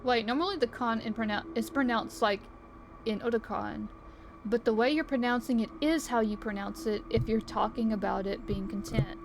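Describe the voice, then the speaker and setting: A woman's voice: on the high side, normal speed, background noise. A woman livestreaming from her room, chatting playfully and giggling as she plays. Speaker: streamer. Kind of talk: live game commentary. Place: home room.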